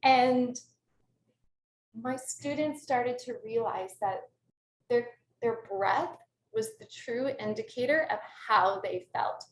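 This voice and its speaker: A woman who teaches kindergarten, giving an earnest, passionate talk to an audience over a video call. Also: medium pitch. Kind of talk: presentation to an audience. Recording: echoey room, distant mic, faint noise.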